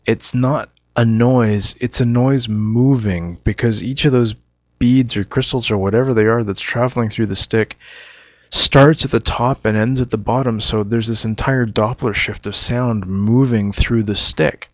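A man's voice: medium pitch, fairly even intonation, measured pace, no echo, dull audio. A man telling a joke and musing in a casual, rambling monologue, often correcting himself.

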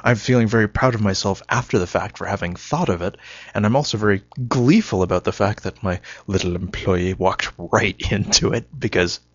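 A man's voice: on the low side, brisk, no room sound. A man giving a rambling, self-mocking solo monologue, wry and punchy, on a dull lo-fi recording.

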